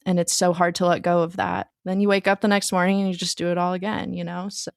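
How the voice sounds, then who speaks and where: A woman's voice: lowish voice, little pitch movement, fast talker, creaky, clear, resonant tone, no echo, clean studio sound. A young woman co-hosting a casual film podcast, eagerly retelling scenes she loved. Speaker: podcast co-host.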